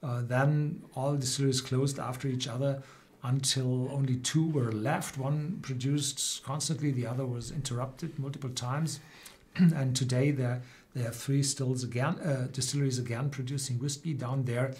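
Halting man guiding a whisky map. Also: medium pitch, steady tone, darkish tone. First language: German. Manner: hesitant, many fillers and restarts. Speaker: whisky tasting host. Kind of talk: livestream tasting talk.

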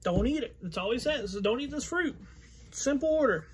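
A man teaching a Bible study in a casual, conversational way, reading scripture aloud and thinking out loud with fillers. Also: very high-pitched, lively intonation, brisk, slightly rough. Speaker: pastor.

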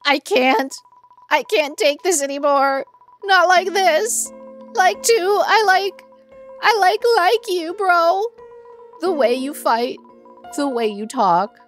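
A lovestruck young guard in armor who stammers and hesitates over his words , as a woman voices him. He talks slowly, in a high and lively voice. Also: soft background music, full character voice. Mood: bashful.

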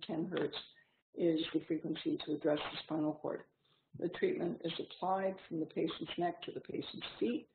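A middle-aged woman giving a clinical seminar lecture. She explains in a measured way, with frequent pauses and ums. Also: low voice, creaky. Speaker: seminar instructor. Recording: tinny lo-fi seminar recording with faint hiss.

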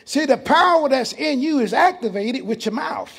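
A man's voice: very high voice, lively intonation, normal speed, creaky, a bit bright, husky. A man, preaching as pastor in a church, emphatic and full of rhetorical questions. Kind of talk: sermon.

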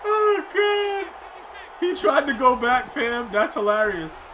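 A man's voice: very high-pitched, sing-song, takes it slowly, bright, forceful tone, raised voice, some chatter behind, a little hiss or hum. A young man streaming a football video game, rambling in casual commentary, laughing a lot and repeating catchphrases. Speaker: gaming streamer. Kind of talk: casual live gameplay commentary.

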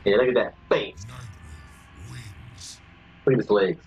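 A man giving excitable, swearing live commentary while playing a fighting game, reacting loudly to every move. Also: fairly low pitch, slow, dull audio, soft background music. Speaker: gamer.

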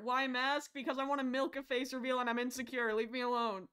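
A woman streaming a horror game live, excitable, shrieking and laughing at the game and chatting with viewers. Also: sits high, a little fast, hardly any pauses, smooth.

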